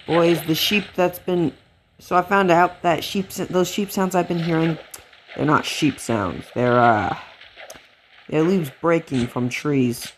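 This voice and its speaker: A man giving casual, rambling commentary while playing a game, gasping and getting excited at cute animals. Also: on the high side, a little slow, slight background noise. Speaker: let's play gamer.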